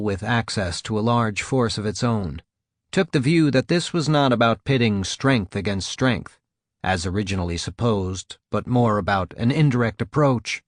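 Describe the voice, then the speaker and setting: A man narrating a nonfiction audiobook in a measured, even reading style. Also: medium pitch, dry recording, studio quality.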